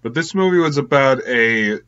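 A man's voice: mid-range voice, expressive, normal speed, fairly bright tone, smooth. A young man casually reviewing an old film, rambling with lots of fillers and little laughs. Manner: rambling, filler-heavy, giggly. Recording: slightly muffled lo-fi audio.

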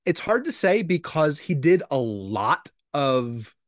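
A man's voice: on the high side, sing-song, takes it slowly, no room sound, studio quality. A man co-hosting a podcast in casual chat, rambling, with stammered restarts. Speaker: podcast co-host. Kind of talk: casual chat about an old TV show.

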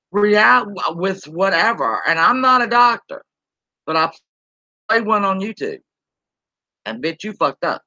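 A woman's voice: medium pitch, bright, forceful tone, no room sound, dull audio. A woman, ranting bluntly and profanely on a live-stream while reading chat aloud. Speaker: YouTube commentary host.

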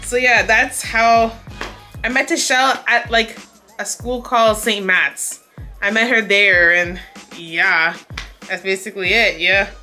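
A young woman from Canada chatting casually through a Q&A vlog, animated and laughing often. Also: mid-range voice, a little slow, soft background music. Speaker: vlogger.

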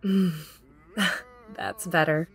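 Woman playing a bubbly, husky young woman. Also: fairly low pitch, steady tone, very slow, fairly bright tone, soft background music, exaggerated voice. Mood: cheery. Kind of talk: fan audio drama.

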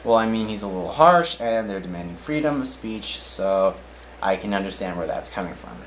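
A man's voice: fairly low pitch, sing-song, normal speed, a little hiss or hum, poor audio. A man casually reading odd news stories aloud, often tripping over names, then adding his own offhand comments.

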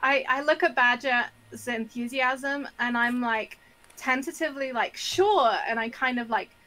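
A woman's voice: a little high, fairly even intonation, moderate pace, bright, forceful tone, rough recording. A woman playing in a tabletop game, talking in a tentative, playful way. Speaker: player. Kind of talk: casual tabletop role-play.

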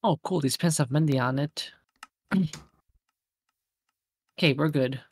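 A man's voice: on the high side, a little slow, darkish tone, breathy edge. A man hosting a casual multiplayer gaming session, swearing and exclaiming often. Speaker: gaming host.

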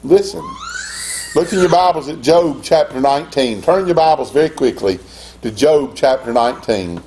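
An older man preaching a sermon as pastor, in an impassioned style that climbs to high, emphatic peaks. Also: animated, normal speed, darkish tone, a little hiss or hum.

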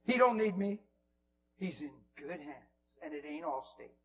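A man preaching in a church, telling stories in a Q&A session, going from loud to hushed whispers. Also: fairly high pitch, a little slow, very noisy. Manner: animated storyteller, swings from loud to hushed whispers. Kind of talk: Q&A teaching with storytelling.

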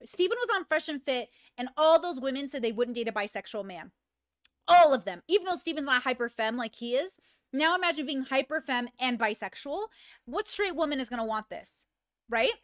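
A woman hosting casual reaction commentary, thinking aloud in an animated, swearing way. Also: high voice, dry recording, studio quality. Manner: animated, swearing, thinking aloud, pausing to clear her throat. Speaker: commentary host reacting to a video.

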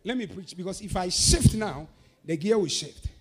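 A man preaching a sermon, moving between fervent, rhythmic chanted declarations and calmer teaching. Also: high-pitched, normal speed, slightly rough.

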